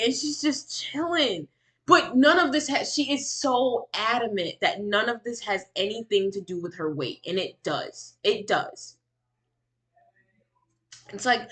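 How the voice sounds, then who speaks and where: A woman streamer giving sarcastic reaction commentary on a video, swinging from mocking exclamations to low muttering. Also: animated, a little slow, a bit bright.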